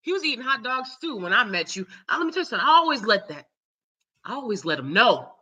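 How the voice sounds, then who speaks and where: A woman hosting her own live stream, ranting loudly and cursing heavily in casual talk. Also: fairly high pitch, big pitch swings, fast, slightly rough, rough recording. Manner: loud, profane, heated. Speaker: channel host.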